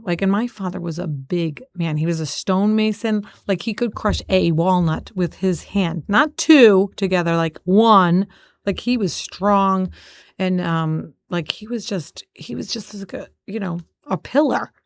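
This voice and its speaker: A woman's voice: on the low side, a little slow, vocal fry, no echo, studio quality. A woman in her forties co-hosting a casual chat podcast, talking in a chatty, storytelling way with many "like" fillers. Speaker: podcast co-host.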